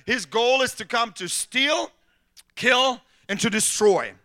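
A man's voice: extremely high pitch, takes it slowly. A man preaching a sermon as pastor, telling personal stories and acting out what people said to him. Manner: animated storytelling, acting out quotes.

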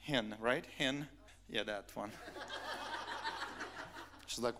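A man preaching a sermon as pastor, animated and emphatic, repeating phrases to drive his points home. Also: mid-range voice, slow pace, vocal fry, pauses often.

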